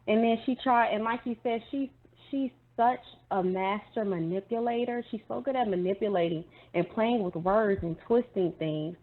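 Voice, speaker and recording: A woman's voice: mid-range voice, normal speed, few pauses. Female guest commentator, earnest and conversational, tinny phone-line sound. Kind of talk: casual online commentary chat.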